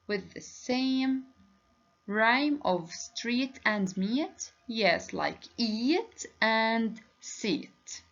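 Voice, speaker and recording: A woman English teacher giving a lesson, speaking slowly and deliberately and praising answers. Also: a little high. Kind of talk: recorded classroom lesson. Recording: dull lo-fi recording.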